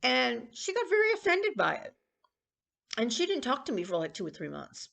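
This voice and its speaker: A woman in her sixties rambling and confiding in a casual personal vlog, with coughs and throat-clearing. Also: sits high, wildly swooping pitch, normal speed, fairly bright tone. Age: 60s. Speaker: vlogger.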